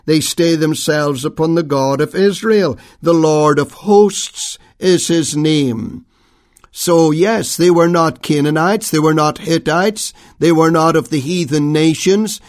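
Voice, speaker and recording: A man preaching a sermon, reading scripture and then expounding it in a measured, emphatic way with frequent pauses. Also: a little high. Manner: King James phrasing when reading scripture.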